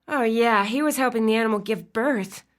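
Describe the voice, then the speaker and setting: A woman narrating a romance audiobook in an expressive storytelling style. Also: a little high, normal speed. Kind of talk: scripted narration.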